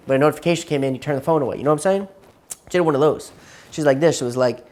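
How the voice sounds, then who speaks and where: A man's voice: on the high side, racing, darkish tone. A man telling a long story to his therapist, rambling and repeating himself, tired and burnt out. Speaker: client in therapy session.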